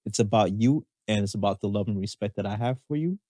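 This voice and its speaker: A man's voice: fairly low pitch, quick pace, mellow, no echo. A man co-hosting a podcast in casual chat, laid back, often repeating words as he starts, in a dry room. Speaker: podcast co-host.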